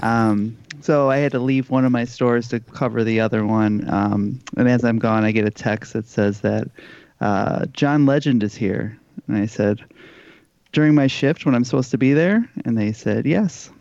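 A man's voice: medium pitch, moderate pace, vocal fry, a little mellow, dry recording. A man co-hosting a podcast, telling a story in a wry, laid-back way over a remote connection. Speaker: podcast co-host. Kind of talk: casual chat. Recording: dull, dry, lo-fi remote line.

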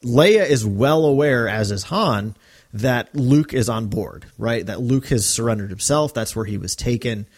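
Man, podcast co-host, casual chat, animated delivery, mid-pitched voice. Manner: animated, quotes movie lines in quick impressions.

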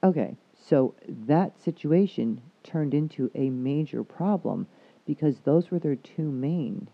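A man's voice: a little high, expressive, slow, gravelly. Give me a frank, foul-mouthed male counselor chatting casually on a muffled, lo-fi recording. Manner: frank, swears freely, acts out quotes. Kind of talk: casual chat. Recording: dull lo-fi recording.

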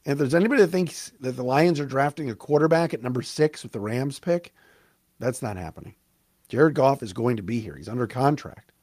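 A man's voice: mid-range voice, a little fast, dry recording. Emphatic man on a dry sports podcast. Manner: animated, emphatic, fan-like commentary with asides. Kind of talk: solo sports talk recap.

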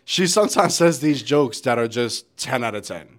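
A man's voice: mid-range voice, animated, normal speed. A man who produces and co-hosts a podcast, teasing his friends in playful casual chat.

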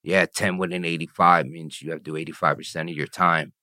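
Very low voiced man, blunt swearing storyteller, dry close sound. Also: little pitch movement, a little fast, pushed and bright, no echo. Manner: blunt, swearing, frequent "you know what I mean". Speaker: interview guest. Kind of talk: candid storytelling, profane.

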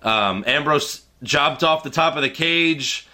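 A man's voice: fairly high pitch, animated, slow, sharp tone. A man co-hosting a casual podcast chat, recapping events in a laid-back, joking play-by-play way. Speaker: podcast co-host recapping wrestling.

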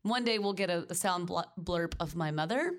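A woman's voice: on the low side, moderate pace. A woman from the American South co-hosting a casual movie podcast, rambling and restarting her sentences. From Southern United States. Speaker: podcast co-host. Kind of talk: casual movie-review chat.

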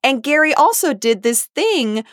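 Animated woman podcast co-host. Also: measured pace, no room sound, studio quality. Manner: animated, swoops up high when quoting others. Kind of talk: casual recap chat.

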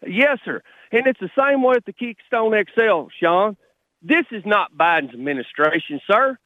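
A man's voice: sits high, expressive, normal speed, no room sound, phone-quality sound. A middle-aged man, a radio caller talking in a blunt, fired-up, rambling way. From Texas. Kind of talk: call-in radio talk.

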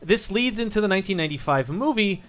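A man's voice: high voice, animated, fast, fairly bright tone, soft background music. A man co-hosting a podcast in casual chat, leading the talk with researched facts and laughing often. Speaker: podcast co-host.

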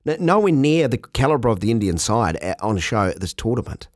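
A man hosting a cricket podcast in casual, animated, self-mocking chat. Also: mid-range voice, brisk, dry recording, studio quality.

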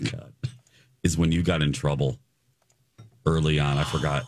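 A man's voice: steady tone, unhurried, dry recording, clean studio sound. A man hosting a morning radio show, playful and announcer-like in casual chat. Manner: playful, announcer-like, swings wide in pitch. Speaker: radio host.

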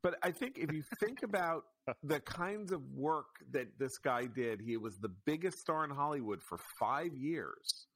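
A man's voice: on the high side, lively intonation, measured pace, hardly any pauses, a bit bright, breathy edge. A man co-hosting a casual podcast chat, rambling through his thoughts and laughing easily. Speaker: podcast co-host.

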